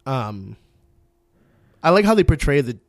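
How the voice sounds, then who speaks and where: A hungover man co-hosting a casual movie-news chat, swearing freely and breaking into loud mocking rants. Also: mid-range voice, very animated, a little slow, no room sound, clean studio sound. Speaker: podcast co-host.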